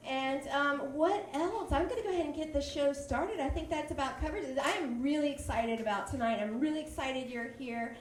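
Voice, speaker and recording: A woman's voice: sits high, moderate pace, few pauses, echoey room, distant mic, noisy background. A woman co-hosting a live comedy night, making chatty, upbeat announcements. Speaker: show co-host. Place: comedy club stage.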